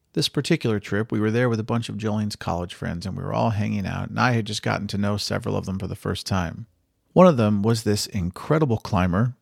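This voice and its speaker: Gravelly, earnest male podcast host. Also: lowish voice, dry recording, studio quality. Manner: earnest, reflective, encouraging. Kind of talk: storytelling monologue.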